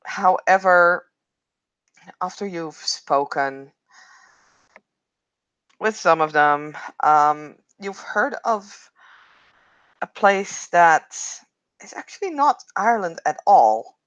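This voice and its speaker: A game master narrating a tabletop game over a video call, chatty and quick to laugh. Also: medium pitch, expressive, fairly bright tone, no room sound, dull audio. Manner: giggly, chatty.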